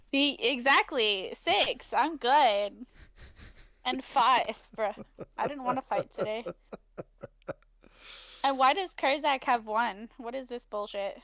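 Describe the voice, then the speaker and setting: A woman with a high voice, joining a tabletop game and grumbling about her rolls in slangy banter. The recording is dry and close. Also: slow, long pauses, fairly bright tone, dry recording. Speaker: player. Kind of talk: casual tabletop game chat.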